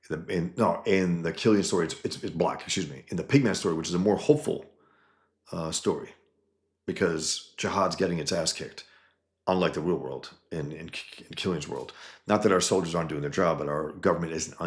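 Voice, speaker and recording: A cartoonist talking casually to viewers about pages of his own comic, rambling with many restarts and asides. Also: very deep voice. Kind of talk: casual talk to viewers while showing pages.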